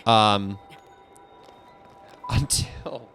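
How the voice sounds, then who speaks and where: A man's voice: fairly low pitch, very slow, faint music behind. A young man chatting casually and giggling while he streams a game. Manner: animated, giggly and rambling. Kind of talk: casual chat while gaming.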